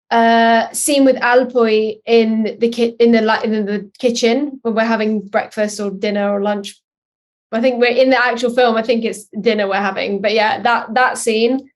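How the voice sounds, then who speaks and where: Young actress guest, fairly high voice, talkative, lots of ums and likes. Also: female voice. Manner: chatty, laughs at herself, many ums and likes. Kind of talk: casual interview answers.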